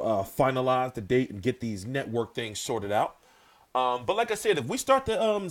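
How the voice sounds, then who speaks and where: A man's voice: a little high, darkish tone. A man hosting his own boxing channel, talking loosely and profanely with lots of fillers. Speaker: boxing commentator, channel host. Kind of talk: casual boxing talk commentary.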